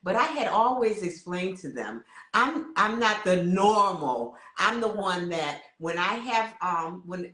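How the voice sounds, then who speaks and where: A woman's voice: on the low side, a bit bright, roomy sound. A woman co-hosting a casual conversation, a supportive listener who affirms her guest. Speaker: co-host.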